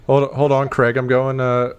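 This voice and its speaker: A man chatting with gaming friends, making quick dry wisecracks. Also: medium pitch, monotone, smooth, highs cut off. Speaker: gamer friend in voice chat. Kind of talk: casual chat.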